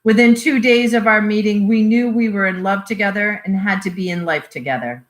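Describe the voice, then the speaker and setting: Woman reading a memoir in a roomy echo. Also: mid-range voice. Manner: measured storytelling with voiced quotes. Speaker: reader. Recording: roomy echoey recording.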